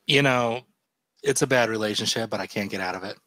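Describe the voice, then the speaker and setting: A man co-hosting a podcast in casual chat, slightly hoarse from a recent illness, joking at his own expense. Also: fairly low pitch, fairly quick, pushed and bright, dry recording. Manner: self-deprecating, joking. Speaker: podcast co-host.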